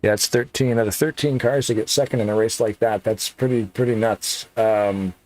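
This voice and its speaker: A man broadcasting a sim race, chatting casually in a relaxed way. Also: on the low side, moderate pace. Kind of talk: casual chat. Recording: faint noise.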